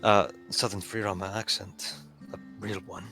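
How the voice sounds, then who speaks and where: A man playing in a tabletop game, talking in a casual, halting way. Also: low voice, flat delivery, over music. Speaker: player. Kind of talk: tabletop game role-play.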